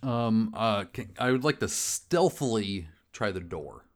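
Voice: mid-range voice, expressive, measured pace. A player in a casual tabletop game, chatty and hesitant, laughing often.

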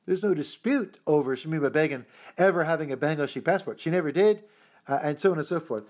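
A man answering interview questions in a lively, thinking-aloud way, with lots of fillers and restarts, sometimes putting on other voices to quote them. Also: fast talker. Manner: animated, mock-quoting other voices with pitch jumps. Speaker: interview guest.

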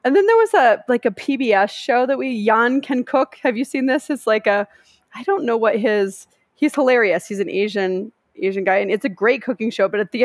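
A woman's voice: a little high, fairly quick, dry recording. Woman chatting on a dry, close mic. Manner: chatty, lots of likes and restarts. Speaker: podcast co-host. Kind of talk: casual chat.

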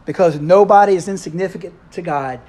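Man preaching a sermon, mellow voice. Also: high voice, brisk. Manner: conversational, checks in with the congregation.

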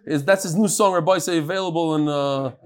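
A man teaching a live Talmud class, lively and chatty, teasing his audience. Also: fairly high pitch, brisk.

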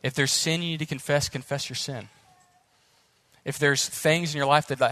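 A young man preaching a sermon as pastor, earnest and animated, speeding up as the story builds. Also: fairly high pitch, fast talker, no echo.

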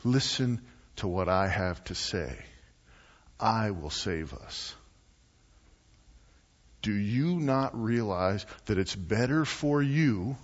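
A man voicing a scheming, commanding male high priest who talks low and slow. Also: animated. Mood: menacing. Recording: muffled, echoey church hall.

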